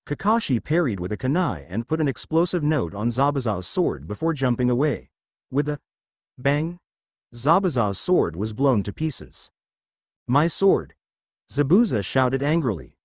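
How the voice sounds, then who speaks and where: A man's voice: mid-range voice, big pitch swings, normal speed, no room sound, clean studio sound. A man narrating a fan-fiction story aloud, reading every note literally.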